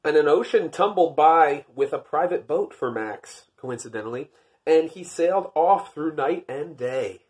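A man's voice: on the high side, animated, unhurried, a little mellow, breathy edge. A man reading a picture book aloud, breaking off for dry, wry, self-deprecating jokes between the pages. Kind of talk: storybook reading with joking asides.

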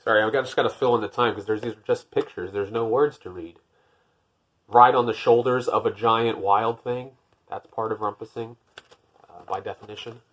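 A man reading a picture book aloud, lifting his voice for the narration and dropping to wry, deadpan jokes in between. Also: normal speed, muffled recording. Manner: wry, deadpan joking asides; rises for narration, drops low for asides. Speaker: podcast host.

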